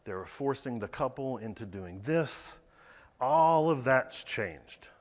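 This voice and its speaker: A man's voice: mid-range voice, animated, slow pace. A man giving a conversational, emphatic floral design presentation from a stage. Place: large ballroom stage. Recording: reverberant ballroom sound.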